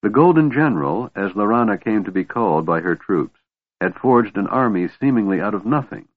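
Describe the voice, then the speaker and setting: A man narrating a fantasy audiobook in a steady, measured storytelling manner. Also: fairly low pitch, no echo. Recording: tinny phone-like dry sound.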